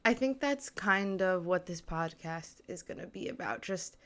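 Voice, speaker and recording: A woman's voice: on the low side, lively intonation, unhurried, fairly bright tone. Nervous rambling woman podcast host. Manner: nervous, rambling, heavy on filler words. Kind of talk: casual solo podcast chat. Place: small apartment. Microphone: mic with camera on tripod.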